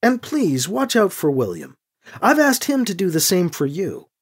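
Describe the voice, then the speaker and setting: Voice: mid-range voice, wildly swooping pitch, moderate pace, husky. A narrator voicing a stern but loving aunt in a spoken story.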